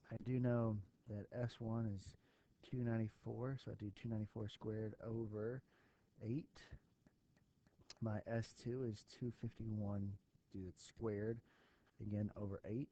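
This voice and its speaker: A man's voice: lowish voice, fairly even intonation, unhurried, long pauses, dark tone, lo-fi sound. A man teaching a recorded statistics lesson, thinking aloud with fillers as he works through an example for his students. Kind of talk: recorded math lesson walkthrough.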